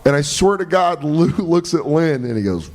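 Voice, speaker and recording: A comedian guest on a podcast, telling profane, laughing anecdotes in casual chat. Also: male voice, a little high, animated, normal speed, darkish tone.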